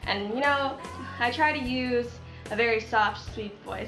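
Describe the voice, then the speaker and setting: A young woman with a Chicago accent chats casually to her camera, frank and quick to swear. Her voice sits a little high. The room is echoey, with faint music behind her. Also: fairly bright tone. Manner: chatty, frank, swears freely. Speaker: vlogger. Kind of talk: casual storytelling vlog.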